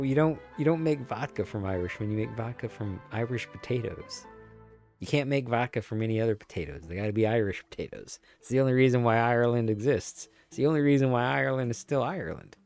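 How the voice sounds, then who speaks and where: A man streaming a game, chatting casually and joking in a rambling way with his viewers. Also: mid-range voice. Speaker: gaming streamer. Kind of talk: casual live-stream chat.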